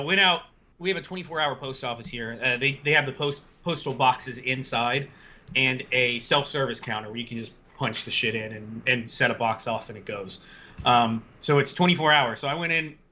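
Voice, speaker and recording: A man co-hosting a podcast, telling a story in a casual, animated way, laughing and swearing freely as he goes. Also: mid-range voice, normal speed, highs cut off. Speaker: podcast co-host.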